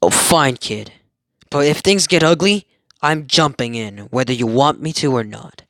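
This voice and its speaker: A young man voicing a brash, loud grown-up superhero in a fan story. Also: mid-range voice, expressive, unhurried, no echo. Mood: reluctant. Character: booming muscular adult hero, brash.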